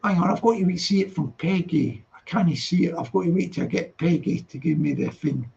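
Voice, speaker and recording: A man's voice: on the high side, brisk, creaky, a little mellow, highs cut off. A man hosting a casual late-night live stream, reading out chat messages, teasing and laughing often.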